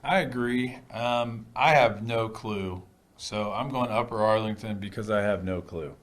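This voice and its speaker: A man's voice: fairly low pitch, a little slow. Male co-host, casual banter, playful arguing. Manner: joking, argumentative banter. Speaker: sports show co-host. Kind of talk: casual sports chat.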